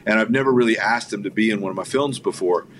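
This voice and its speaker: With slight background noise behind him, a fast-talking man with a lowish voice shares stories as the guest filmmaker in a casual interview. The anecdotes come out animated, peppered with fillers and voiced quotations.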